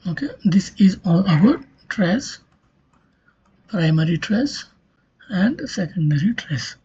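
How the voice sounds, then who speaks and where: Slow, breathy lecturer. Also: medium pitch, sing-song, a little mellow. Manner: explains step by step, repeats key terms, frequent "okay". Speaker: linguistics lecturer. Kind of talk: recorded exam-prep lecture. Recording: dull lo-fi recording.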